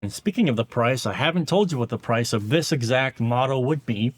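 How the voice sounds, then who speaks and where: Dude chatting to camera, middle pitch, tells a story, mumbles his own thoughts, kinda sweary. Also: animated, fairly quick. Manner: conversational, acts out inner thoughts in a muttered aside voice; frequent fillers and restarts, casual swearing. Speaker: audio engineer and YouTube host.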